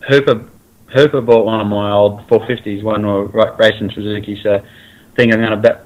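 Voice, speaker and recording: A man with an Australian accent, a guest in a casual interview, talking in a relaxed way with many fillers and restarts. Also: on the low side, moderate pace, dull audio. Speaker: guest, racer.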